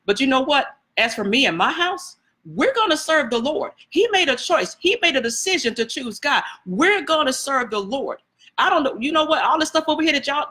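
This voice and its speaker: A woman's voice: sits high, sharp tone. A woman preaching a sermon in a conversational style, repeating phrases and talking directly to her listeners. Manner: conversational preaching with repetitions and asides to the congregation. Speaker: prophetess preaching.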